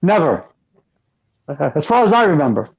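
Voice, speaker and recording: A man's voice: fairly high pitch, very animated, moderate pace, creaky, breathy edge. A man co-hosting a casual podcast chat, emphatic, swearing freely and repeating himself for stress. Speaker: podcast co-host. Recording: dull lo-fi sound.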